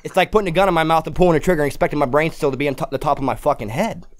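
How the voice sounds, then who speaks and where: A man's voice: a little high, racing. A man talking as a guest on a podcast, crude and rambling, laughing often. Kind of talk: casual podcast chat.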